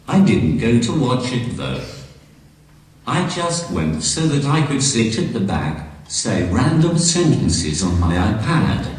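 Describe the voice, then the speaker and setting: Male synthetic voice, stand-up comedy, deadpan, slow, distant hall recording. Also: low voice. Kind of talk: stand-up comedy through a text-to-speech device. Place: large concert hall, live show. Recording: echoey hall from far off, faint noise.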